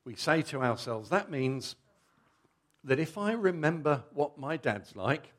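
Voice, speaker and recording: A man's voice: a little high, sing-song, a little slow. A middle-aged man preaching a Father's Day family sermon, telling a story vividly and coaxing children to act it out.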